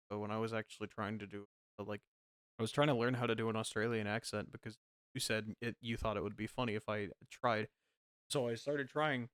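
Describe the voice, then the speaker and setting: Man with a smooth, dry close voice. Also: medium pitch, no echo. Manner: laughs often, stammers and restarts. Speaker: podcast host. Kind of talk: casual chat.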